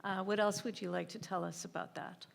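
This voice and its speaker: A woman interviewing an author on stage, asking calm, measured questions. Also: medium pitch, vocal fry. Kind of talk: onstage interview. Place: theatre stage.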